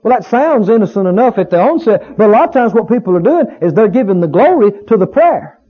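A man with a very high, breathy voice delivers a sermon, his pitch swinging widely as he presses repeated words home. The recording is muffled and lo-fi, captured in a church. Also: big pitch swings, fast talker. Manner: emphatic, repeats key words, rising on exclamations. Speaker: preacher. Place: church sanctuary.

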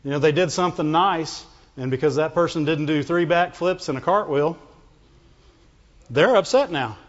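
A man with a fairly high voice preaches a lively sermon, slipping into whiny put-on voices as he acts out his point. The sound is a bit dull and carries the long reverb of a big hall. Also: normal speed. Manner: animated, acts out whining voices, laughs often. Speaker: pastor.

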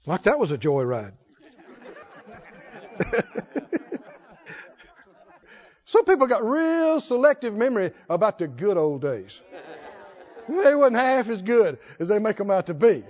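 A man with a very high voice preaches to his congregation, his pitch swinging widely as he stresses each point. He stretches key words out slowly and fires questions at the listeners. The recording sounds dull and lo-fi. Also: sing-song. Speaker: pastor. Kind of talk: sermon. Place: church before a congregation.

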